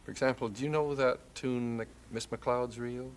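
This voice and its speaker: A man's voice: medium pitch, fairly even intonation, clear, resonant tone. A middle-aged man hosting a casual 1960s television folk music chat. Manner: slow, easygoing, breaks into song. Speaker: host. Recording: faint background noise, 1960s TV broadcast.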